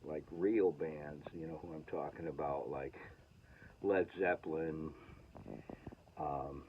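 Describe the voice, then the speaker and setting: A man's voice: extremely low pitch, fairly even intonation, takes it slowly. A man from New England rambling in a casual self-mocking monologue, with many hesitant fillers. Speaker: vlogger. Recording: tinny, lo-fi, noisy.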